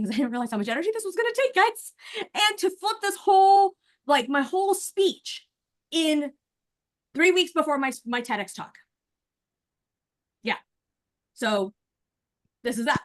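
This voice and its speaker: Over a video call, a woman in her forties talks in a slightly high, bright-toned voice. Animated and chatty, she addresses her listeners directly like a coach, starting in casual chat before moving into rehearsing a prepared speech.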